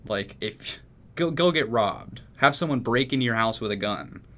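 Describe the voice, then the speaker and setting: A man's voice: medium pitch, lively intonation, moderate pace, fairly bright tone. A young man from Texas telling a story in casual chat, rambling and swearing freely. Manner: profane, rambling, laid-back. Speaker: music producer.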